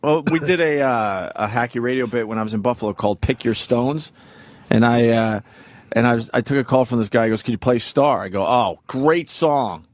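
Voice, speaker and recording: Mid-pitched male radio host. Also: fairly quick, no room sound. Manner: casual, self-deprecating storytelling. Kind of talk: radio talk show chat.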